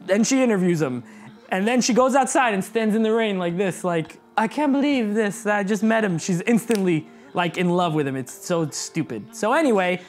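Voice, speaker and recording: A young man giving a sarcastic, exasperated comedic movie review as the host of his own channel. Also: high-pitched.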